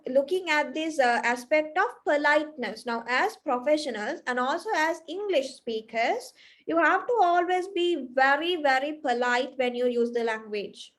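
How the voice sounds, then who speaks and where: High-voiced Sri Lankan woman teaching English. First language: Sinhala. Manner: explanatory, often checks with "right?" and starts with "now". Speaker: English tutor. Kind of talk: online spoken English lesson.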